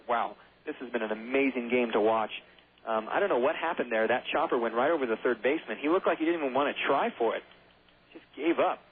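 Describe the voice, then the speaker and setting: Hoarse, chatty baseball radio announcer, a man. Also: medium pitch, a little hiss or hum. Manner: chatty, rambling, self-deprecating asides. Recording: tinny phone-like radio broadcast.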